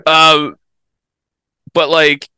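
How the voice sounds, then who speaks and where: A man's voice: a little high, completely flat delivery, very slow, sharp tone, clean tone, no echo. A man in his thirties from the Philadelphia area, telling a profane comic story on a podcast and laughing often. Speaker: podcast host. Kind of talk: casual comedic storytelling.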